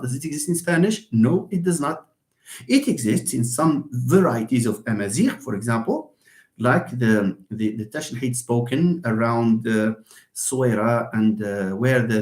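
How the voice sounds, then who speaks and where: A man's voice: mid-range voice, darkish tone. A man giving a live linguistics lecture, explaining and answering his own questions. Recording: roomy echo.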